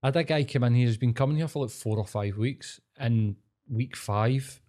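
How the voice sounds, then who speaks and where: A man's voice: medium pitch, moderate pace, warm tone. A young Scottish man co-hosting a podcast, swearing freely and chatting in a laid-back way. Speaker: podcast co-host. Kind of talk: casual chat.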